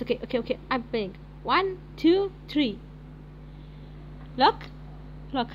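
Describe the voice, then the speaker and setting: A young woman from Egypt streaming a game, talking haltingly with many fillers and shrieking in surprise. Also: high voice, very animated, lo-fi sound, a little hiss or hum. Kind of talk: live game commentary.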